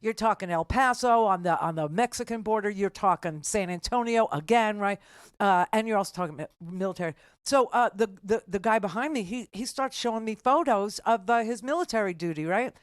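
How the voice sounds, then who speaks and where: A woman's voice: mid-range voice, expressive, a little fast, no echo, clean studio sound. An older woman hosting a political talk radio show, telling a story in a rambling, sarcastic way with many restarts.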